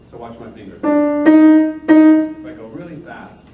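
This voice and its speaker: A man whose voice sits high and swoops wildly in pitch coaches a pianist slowly, encouraging and demonstrating at the piano in a master class. The audio is narrow and tinny, with roomy sound from a distant mic and loud piano in a room with a piano.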